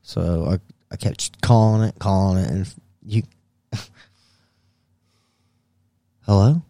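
A man's voice: low voice, takes it slowly, warm tone, dry recording. A man on a podcast casually telling a wild story, swearing a lot, laughing and acting out what people said. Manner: profane, laughing, acts out quoted voices. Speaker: podcast co-host.

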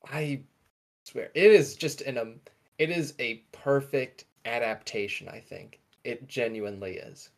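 Speaking unhurriedly in a gravelly, medium-pitched voice, a young man co-hosts a casual podcast chat. He rambles with enthusiasm and keeps stopping to fix what he just said.

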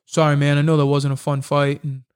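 Animated fighter telling fight stories. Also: male voice, on the high side, brisk, clear, resonant tone. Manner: animated, acts out quoted exchanges. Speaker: MMA fighter guest. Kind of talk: casual storytelling interview.

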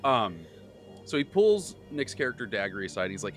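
A man hosting a casual podcast chat, excitably rambling as he recaps the tabletop campaign he runs as game master. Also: lowish voice, a little fast.

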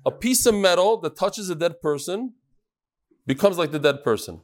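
A man teaching a live Talmud class, lively and chatty, teasing his audience. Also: high voice, normal speed.

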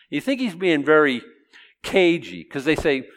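A man's voice: medium pitch, sing-song, a little fast, fairly bright tone. A man preaching a conversational Bible lesson, asking his listeners questions and acting out the quotes he reads. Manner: chatty, asks the audience questions, acts out quotes.

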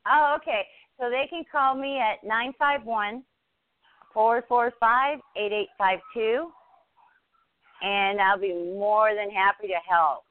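A woman podcast guest talking earnestly and upbeat about her plans, often halting and restarting. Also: on the high side, steady tone. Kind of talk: casual interview. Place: home. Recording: dry, phone-like line.

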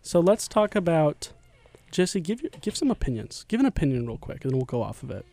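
A man's voice: a little high, big pitch swings, gravelly, mellow, dry recording. Teasing young male podcast host. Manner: teasing, playful, talks in quick restarts. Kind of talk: casual podcast banter. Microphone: studio microphone.

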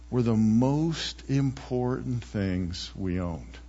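A man preaching a sermon in a relaxed, conversational way, often tossing in rhetorical questions to the congregation. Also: mid-range voice, takes it slowly, few pauses, slightly rough, long reverb tail, lo-fi sound. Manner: chatty, asks rhetorical "right?" often. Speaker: pastor.

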